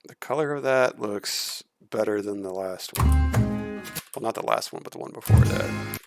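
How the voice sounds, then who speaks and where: A man's voice: on the low side, unhurried, creaky, over loud music. A man streaming casual reaction commentary, blunt and critical, swearing freely.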